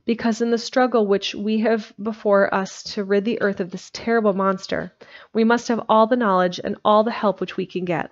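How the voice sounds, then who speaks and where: A woman's voice: medium pitch, fairly even intonation, normal speed, lightly acted. A woman voicing an earnest, brave young Victorian wife, speaking in a pleading way over a dull lo-fi recording.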